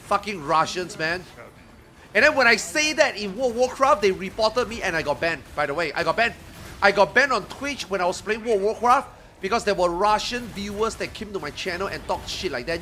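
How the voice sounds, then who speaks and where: A man streaming games live, chatting casually and ranting with lots of swearing, getting loud when worked up. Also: high voice, expressive, moderate pace, slight background noise. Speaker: gaming streamer.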